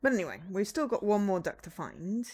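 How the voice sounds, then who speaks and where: A woman's voice: mid-range voice, very animated, a little fast, a little mellow, husky. A young woman streamer chatting casually to herself while she plays a video game. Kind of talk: casual gameplay commentary.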